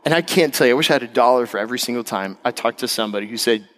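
A middle-aged male pastor preaching a sermon, animated, acting out other people's voices and jumping high in pitch when excited. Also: racing, hardly any pauses.

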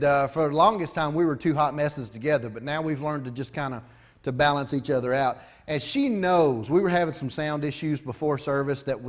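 A middle-aged pastor, preaching a folksy, conversational sermon with asides to his congregation. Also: on the high side.

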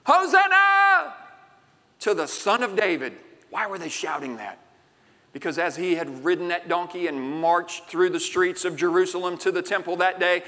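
A man preaching, his high, lively voice bright and forceful as it rises and drops. His words ring out with a long reverb through a large church sanctuary. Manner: animated, swinging from loud to hushed. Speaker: pastor. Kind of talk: preaching a sermon.

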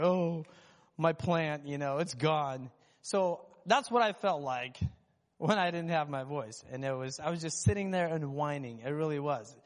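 A man's voice: fairly high pitch, in a large hall. A worship leader, a man, sharing a candid, self-deprecating testimony with his church. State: recovering from lost voice. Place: church sanctuary.

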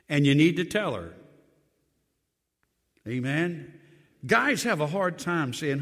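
An older man, a pastor of many years, preaching a sermon that swings from loud emphatic lines to quiet low drops, with joking asides. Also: lively intonation, takes it slowly, long pauses, in a large hall.

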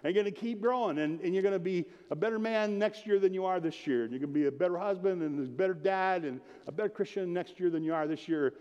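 A man's voice: high voice, quick pace, hardly any pauses, a little mellow, clean tone, highs cut off. A man preaching a sermon as pastor, casual and jokey, talking straight to the congregation. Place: church. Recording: long hall reverb.

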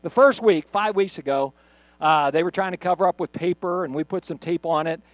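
A man's voice: sits high, a little fast, no echo. A middle-aged male pastor preaching a sermon for an online video, in a conversational storytelling manner. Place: church recorded on camera.

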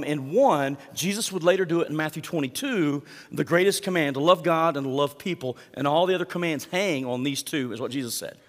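A man's voice: fairly high pitch, long reverb tail. A male pastor preaching a sermon in a conversational way, often putting direct questions to the congregation.

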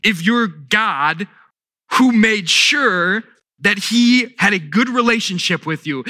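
A male pastor delivers a sermon at an unhurried, measured pace, leaning on repeated words and deliberate pauses. His voice is bright and slightly high for a man, and the recording is close and dry. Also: no room sound.

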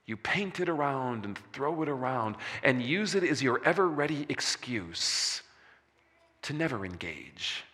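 A man preaching a sermon as a pastor, slowing for emphasis and dropping soft on key words. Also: mid-range voice, sing-song. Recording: long reverb of a large hall.

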